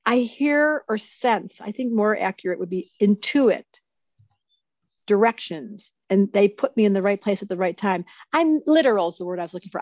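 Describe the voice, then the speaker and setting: A woman's voice: mid-range voice, no echo. Muffled woman in her sixties, telling a story. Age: 60s. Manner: animated storyteller who acts out quoted speech. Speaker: astrologer guest. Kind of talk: casual interview storytelling.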